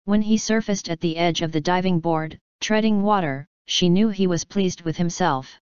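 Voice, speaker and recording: Smooth-voiced woman reading a novel. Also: fairly low pitch, normal speed, a little mellow, no room sound. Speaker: audiobook narrator. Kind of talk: scripted narration. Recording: dull dry audiobook recording.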